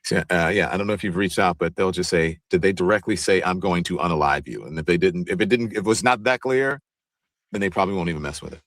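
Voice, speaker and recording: A man's voice: sits low, quick pace, fairly bright tone, dry recording. A man hosting a livestream talk show, speaking casually and loosely, often stopping and restarting his sentences. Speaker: show host.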